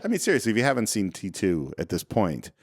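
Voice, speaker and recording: A man's voice: fairly low pitch, wildly swooping pitch, quick pace. A man co-hosting a casual film podcast from a living room, recapping movie scenes in detail and chuckling often. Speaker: podcast co-host.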